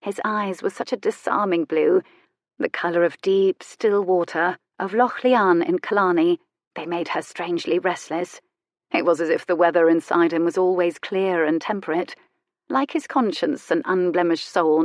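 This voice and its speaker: A woman narrating a historical romance audiobook in an expressive, measured storytelling manner. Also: on the low side, no room sound, clean studio sound. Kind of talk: scripted narration.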